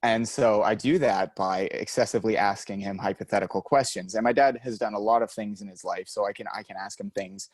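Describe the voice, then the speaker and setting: A man's voice: fairly low pitch, fairly even intonation, brisk, few pauses, dry recording. Young man telling rambling stories. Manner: rambling storyteller, laughs often. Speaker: podcast co-host. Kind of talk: casual chat.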